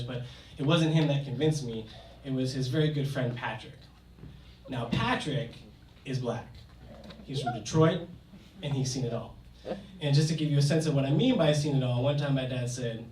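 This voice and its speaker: A young man telling a comic personal story on stage to a live audience, in an animated, conversational way. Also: medium pitch, brisk, distant mic. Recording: echoey hall, mic from afar, audience noise.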